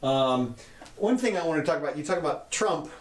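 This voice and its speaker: Animated sarcastic man in a roomy space. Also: on the high side, a little fast. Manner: animated, sarcastic, talks in bursts. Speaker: co-host. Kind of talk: casual political chat. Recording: roomy echo.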